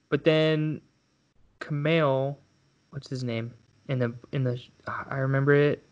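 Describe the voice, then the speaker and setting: A young man co-hosting a podcast, retelling a movie in casual chat with halting restarts and laughs. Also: medium pitch, little pitch movement. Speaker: podcast co-host.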